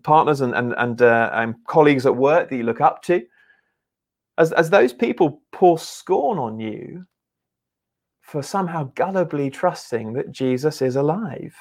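A man's voice: fairly high pitch, animated. A man preaching a sermon in an earnest, conversational way, often restarting his words. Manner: earnest, halting with repeated restarts.

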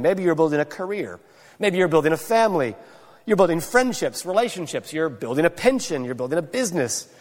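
Guy preaching, pitch jumps all over, a bit high, long echo of a big church hall. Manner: animated, wry asides to the congregation. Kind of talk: sermon.

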